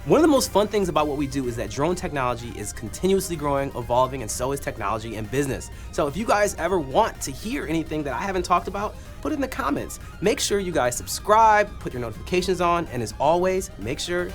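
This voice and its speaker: A man's voice: a little high, big pitch swings, fast, few pauses, faint music behind. Upbeat man presenting a channel intro. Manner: upbeat, presenter-style delivery. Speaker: drone video creator.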